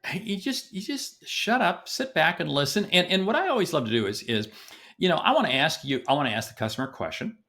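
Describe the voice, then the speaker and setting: An older man with a gravelly edge, talking as a guest on a sales podcast. His delivery is emphatic and animated, with a pitch that rises and falls a lot. He stammers on repeated words to press his points home. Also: fast. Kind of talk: podcast interview.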